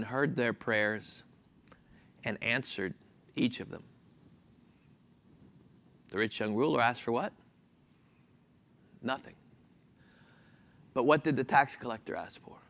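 A man preaching a sermon, asking the congregation questions and answering them himself, with an animated, chuckling delivery. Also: medium pitch, takes it slowly, long pauses.

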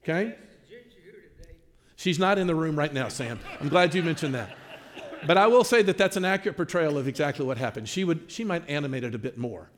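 Animated man teaching a marriage class. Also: fairly high pitch, fairly quick. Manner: animated, acts out quoted dialogue. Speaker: pastor.

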